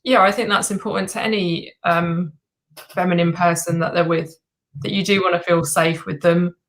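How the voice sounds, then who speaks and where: A woman's voice: on the low side, fairly even intonation, normal speed, poor audio. A woman talking candidly as a guest on her husband's show, reflective and a little hesitant. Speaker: guest, host's wife. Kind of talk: casual conversation.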